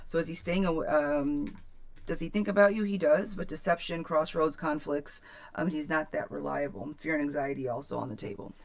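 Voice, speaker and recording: A woman with a low voice and vocal fry does a chatty tarot reading on a live stream at a moderate pace. She reads viewers' questions aloud and calls them girl and friend.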